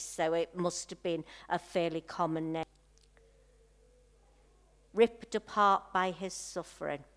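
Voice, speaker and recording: A woman preaching a sermon, telling a personal story in a slow, heartfelt way with soft pauses. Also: mid-range voice, clear, resonant tone.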